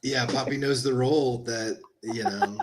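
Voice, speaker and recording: A man joining a podcast stream as a guest, modest and good-humoured, laughing easily and speaking a little haltingly. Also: mid-range voice, fairly even intonation, a loud crowd. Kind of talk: casual interview chat.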